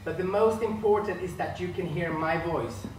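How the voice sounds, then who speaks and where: A man's voice: sits high, normal speed, reverberant, far from the mic, a little hiss or hum, poor audio. A man in his thirties from northern Sweden with a Swedish accent, a line dance instructor chatting casually on a live stream and greeting viewers by name. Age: 30s. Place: room at home.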